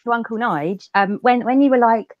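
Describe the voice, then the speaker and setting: London woman co-host, teasing, quick retorts, dry sound. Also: on the high side, no room sound, muffled recording. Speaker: stream co-host. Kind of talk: casual chat.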